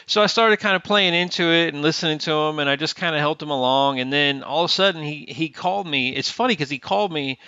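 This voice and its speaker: A middle-aged man recounts a story in a relaxed interview, slipping into other people's voices as he quotes them. His tone is bright and forceful. The sound is dull and lo-fi, with a dry, close feel. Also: a little high, quick pace, smooth, dry recording. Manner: lively storyteller who acts out quoted dialogue. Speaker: guest, Navy veteran. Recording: dull lo-fi remote audio.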